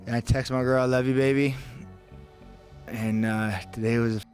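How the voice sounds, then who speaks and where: A man's voice: medium pitch, flat delivery, normal speed, a little mellow, soft background music. A man on a podcast retelling a frightening survival story, reenacting his own panic with intense energy. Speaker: podcast guest. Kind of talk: dramatic storytelling.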